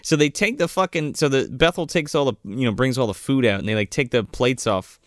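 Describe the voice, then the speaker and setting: A man's voice: mid-range voice, brisk, no echo, clean studio sound. A man co-hosting a casual movie-recap podcast, swearing and laughing as he retells scenes. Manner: profane, laughing, animated retelling. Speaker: podcast co-host.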